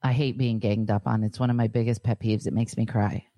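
A woman in her thirties or forties co-hosting a podcast in casual chat, teasing with deadpan jokes. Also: a bass voice, brisk, no echo, studio quality. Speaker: podcast co-host.

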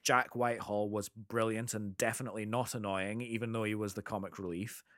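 A man's voice: fairly low pitch, fairly even intonation, a little fast, a bit bright, dry recording, studio quality. A man co-hosting a casual podcast chat about films, gushing with enthusiasm. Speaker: podcast co-host.

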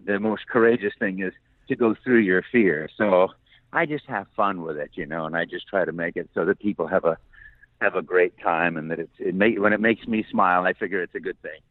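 A man's voice: deep voice, brisk, no echo. An older man, a voice actor guest, chatting enthusiastically and laughing often in an interview, heard over a tinny phone line. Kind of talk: casual interview chat.

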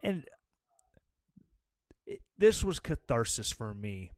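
A tired male host rants through his show in a rambling, sarcastic way, often slipping into mocking voices. His voice sits at a middle pitch and is recorded dry and close, with no room sound around it. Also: big pitch swings, takes it slowly, a little mellow, no room sound. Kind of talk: casual political rant.

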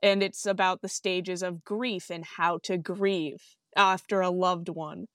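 A woman's voice: on the low side, steady tone, a little slow, fairly bright tone, clear, resonant tone, no echo, studio quality. A woman receiving a psychic reading, speaking earnestly and openly about her grief. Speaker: reading client. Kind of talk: casual conversation.

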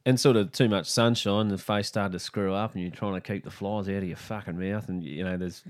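A man's voice: low voice, steady tone, fairly quick. A middle-aged Australian man in a laid-back, joking casual chat.

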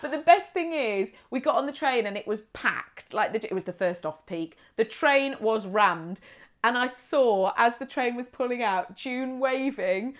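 A woman co-hosting a podcast, telling stories in a gushing, animated way. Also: a little high, a little slow. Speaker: podcast co-host. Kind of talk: casual chat.

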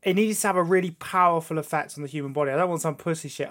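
Crude, animated male podcast host. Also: fairly high pitch, fast talker. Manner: crude, swearing, animated storytelling. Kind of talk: casual chat.

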